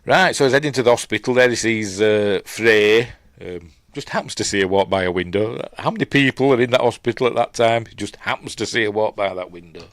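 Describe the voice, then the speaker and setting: A man's voice: on the low side, brisk, fairly bright tone, no echo. A middle-aged man with a Yorkshire accent, casually recapping and reviewing a film in a rambling, chatty way full of fillers and asides.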